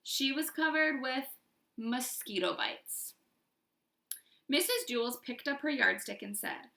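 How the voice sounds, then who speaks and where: A woman reads a children's chapter book aloud with lively expression and stops to question her listeners. Her voice is bright with a gravelly grain. The room around her is echoey. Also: high voice, slow. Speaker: storyteller.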